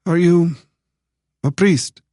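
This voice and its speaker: A man voicing a young Eastern European woman who is guarded but curious, asking careful questions in a raised, soft voice. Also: fairly high pitch, slow pace, dry recording, clean studio sound, pitched above the performer's own voice.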